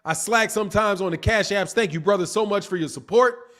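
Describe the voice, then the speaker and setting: Animated high-voiced man reading live chat. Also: fairly quick. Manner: animated, slangy, laughs often, talks to viewers. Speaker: boxing channel host reading live chat. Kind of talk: casual live-stream chat.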